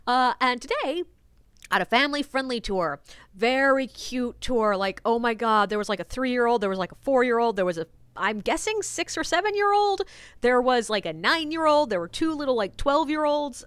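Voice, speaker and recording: A woman with a fairly high, smooth, clear voice tells stories from her ghost tours in a chatty, wry and animated way. The sound is close and dry, with no room around it. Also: normal speed, dry recording. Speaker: ghost tour guide. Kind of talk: casual storytelling vlog. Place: French Quarter, New Orleans.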